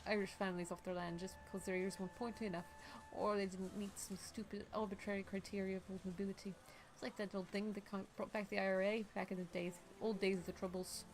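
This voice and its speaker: A woman's voice: medium pitch, slight background noise, natural voice. A woman voicing a tough, brash female mercenary with a shotgun, putting on a swaggering, blunt accent.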